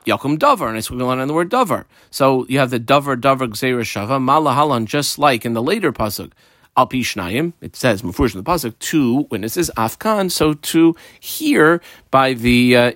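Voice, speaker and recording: A man's voice: mid-range voice, a bit bright, no echo. A man teaching a study lesson, reading each line of the text aloud and then explaining it step by step. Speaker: Talmud teacher.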